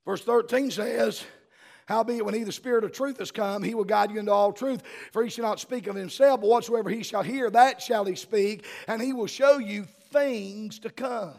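A middle-aged man, preaching a sermon as a pastor and building to fervent shouting. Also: sits high, moderate pace, creaky.

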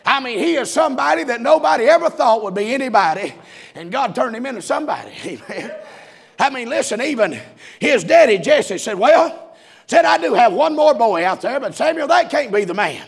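A man preaching a sermon in a shouting, rhythmic cadence with folksy asides. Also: very high-pitched, animated, a little fast, vocal fry, breathy edge.

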